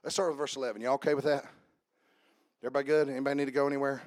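This Easter sermon comes from a man who starts by quietly joking with the churchgoers and works up to booming, drawn-out delivery. His pitch is medium and barely moves.

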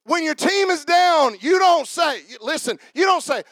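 High-voiced, animated male preacher. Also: normal speed, dry recording. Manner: lively, joking preaching with repeated restarts; talks to the congregation, calls out people by name. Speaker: pastor. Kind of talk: sermon.

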